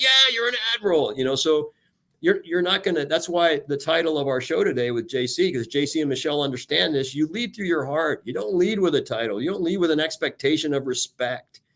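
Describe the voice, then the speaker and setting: An older man speaks with passion and energy on a radio talk show, a retired admiral sharing leadership lessons. His voice sits at an ordinary middle pitch. He slips into the voices of people he quotes as he tells his stories. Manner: energetic, animated storyteller acting out quotes.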